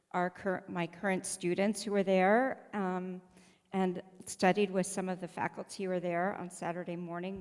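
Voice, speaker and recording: A woman rabbi tells a story from the pulpit in a relaxed, conversational way, voicing the people she quotes. Her voice sits at a middling pitch. The sound carries the long reverb of a large synagogue sanctuary. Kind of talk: sermon, personal storytelling.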